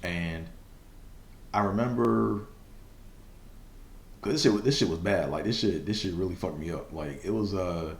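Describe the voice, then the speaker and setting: Deep-voiced man rambling on a podcast. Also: normal speed, long pauses, roomy sound. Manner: loose, rambling storytelling with many fillers and profanity; stutters at times. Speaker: podcast host. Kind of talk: casual solo podcast monologue.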